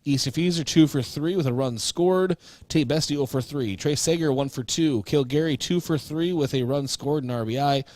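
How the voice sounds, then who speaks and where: A man calling local high school baseball on radio, reading stats and chatting casually with fillers. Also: moderate pace, dry recording. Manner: relaxed, chatty recap with fillers. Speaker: play-by-play announcer. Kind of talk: local radio sports broadcast.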